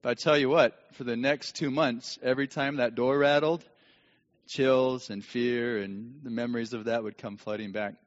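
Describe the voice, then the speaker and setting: Middle-aged preacher in an echoing hall. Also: male voice, medium pitch, fairly even intonation, moderate pace. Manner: dramatic, swings from hushed to shouting. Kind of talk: sermon with personal storytelling. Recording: long hall reverb, dull lo-fi sound.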